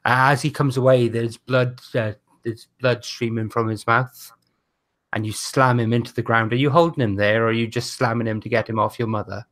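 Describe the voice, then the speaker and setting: A man running a tabletop game who narrates scenes in detail but in a halting way, often restarting his sentences. His voice sits at an ordinary middle pitch, and he is heard over a voice-call microphone. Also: fairly even intonation, a bit bright. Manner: descriptive, halting, many restarts. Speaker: game master.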